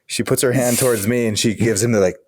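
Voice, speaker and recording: A man's voice: medium pitch, steady tone, quick pace. A man co-hosting a podcast, teasing his co-host and swearing in casual chat. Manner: laughs often, teasing, profane.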